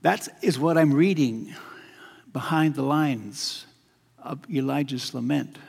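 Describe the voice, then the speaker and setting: A male preacher giving a sermon, measured and repetitive, often dropping to a quiet, weighty emphasis. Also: mid-range voice, creaky, slightly rough. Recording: long hall reverb.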